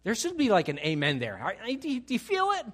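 A man preaching a sermon as pastor, animated, moving from quiet asides to loud excited outbursts. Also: extremely high pitch, fast.

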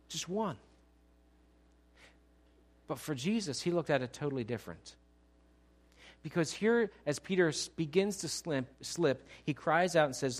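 A male pastor delivering a lively sermon in a fairly high voice. He acts out the story as he goes and shifts between loud bursts and soft, hushed lines. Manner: animated, acts out scenes, swings from loud to hushed.

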